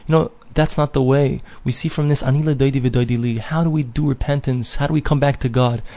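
A man's voice: medium pitch, steady tone, a little fast, mellow. A man giving a conversational Torah talk, telling a story and mixing in Hebrew and Yiddish terms. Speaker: Torah teacher. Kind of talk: storytelling sermon.

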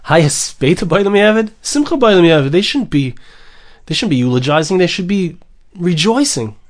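A man's voice: sits high, very animated, normal speed. Emphatic man giving a Torah lecture. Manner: mixes Hebrew and Aramaic phrases, repeats words, emphatic. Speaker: rabbi teaching Torah.

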